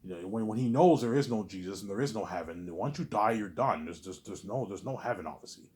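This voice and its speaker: Young man, lowish voice, rambling stammering vlog monologue, keeps trailing off. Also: expressive, quick pace, darkish tone. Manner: repetitive, stammering, ends lines with a trailing mumbled "obviously". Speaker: vlogger.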